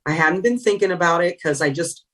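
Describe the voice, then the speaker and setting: In an emotional interview looking back on her time as a sideline reporter, a middle-aged woman from California tells earnest stories with frequent trailing restarts. She speaks a little fast, her voice on the low side with a fairly bright tone.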